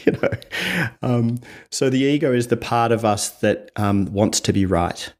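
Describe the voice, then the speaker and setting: A man's voice: mid-range voice, moderate pace, a little mellow. A man from Australia, a communication coach, explaining ideas in steps on an interview podcast, acting out quoted voices and laughing often. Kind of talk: conversational interview.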